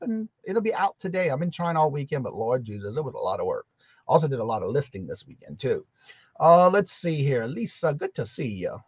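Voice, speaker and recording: A man's voice: fairly high pitch, no echo. A man in his sixties hosting a casual morning livestream, upbeat and greeting viewers one by one. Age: 60s. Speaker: live show host. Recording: dull lo-fi sound.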